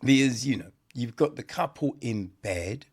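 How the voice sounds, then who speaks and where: A man's voice: medium pitch, animated, moderate pace, gravelly, husky. A man reviewing a film on a podcast in casual, rambling chat, blunt and swearing now and then, forever checking in with "right?". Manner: rambling, conversational, peppered with "right?" and "you know".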